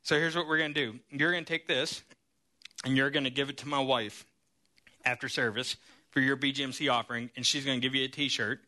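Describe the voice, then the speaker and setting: A man preaching a sermon, telling Bible stories in an animated way and checking in with the congregation as he goes. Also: mid-range voice, fairly quick. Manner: animated storytelling with frequent "okay?" and "right?" check-ins.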